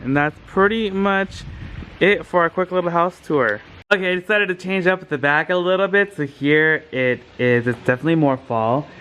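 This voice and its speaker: A man's voice: fairly high pitch, normal speed, bright, forceful tone, smooth. A man hosting a casual home tour vlog, upbeat and enthusiastic, talking to a handheld camera. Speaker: vlogger host. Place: at home, indoors and out in the yard.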